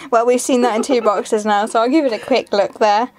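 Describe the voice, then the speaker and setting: A young woman with a high, darkish voice talks a little fast in a steady tone while hosting a card-opening video. Chatty and giggly, she repeats herself as she reads out each card from her booster packs. Faint music plays behind her.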